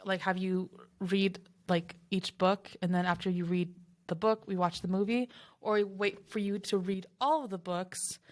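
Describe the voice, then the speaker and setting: A woman's voice: medium pitch, steady tone, normal speed. A woman co-hosting a podcast in casual chat, telling stories in a chatty way. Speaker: podcast co-host.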